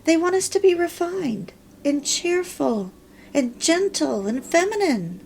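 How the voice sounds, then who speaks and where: A woman's voice: very high voice, animated, measured pace, vocal fry, darkish tone, slight background noise, pitched above the performer's own voice, exaggerated voice. Woman reading as a firm, lecturing church friend. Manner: instructive, lecturing. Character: firm, advice-giving female church friend.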